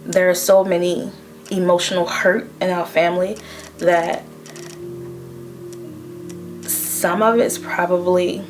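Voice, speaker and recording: A woman speaking slowly and reflectively about her family. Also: on the low side, flat delivery, soft background music. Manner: slow, reflective. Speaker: guest sharing her story. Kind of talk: personal testimony.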